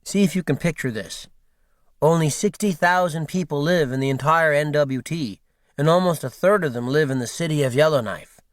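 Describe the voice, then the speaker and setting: Man voicing a young bush pilot, friendly and boastful, slightly high voice, dry close sound. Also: normal speed, dry recording, close to an everyday voice. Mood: proud. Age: 20s. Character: cheerful young male Canadian bush pilot.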